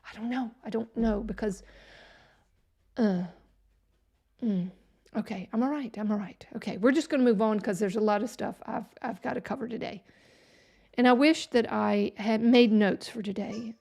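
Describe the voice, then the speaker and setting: A woman's voice: fairly high pitch, vocal fry, darkish tone. A woman hosting a casual live stream, sarcastic and exasperated, talking to herself as she works.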